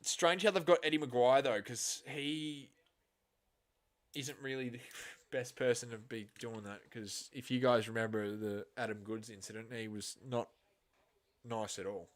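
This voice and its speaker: A man hosting a casual live reaction stream of a match, swinging from quiet muttering to loud, exasperated outbursts and swearing bluntly. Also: medium pitch, fairly even intonation, measured pace.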